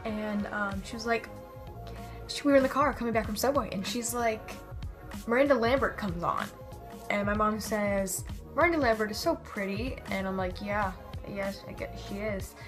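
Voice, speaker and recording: A young woman vlogger telling stories casually, rambling and interrupting herself as she acts out quotes. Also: mid-range voice. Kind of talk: casual storytelling vlog.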